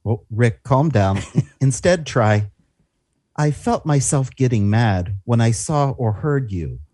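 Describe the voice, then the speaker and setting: A man co-hosting a Christian teaching show, reading scripture in a calm, measured way. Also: medium pitch, no room sound, studio quality. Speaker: Christian radio co-host.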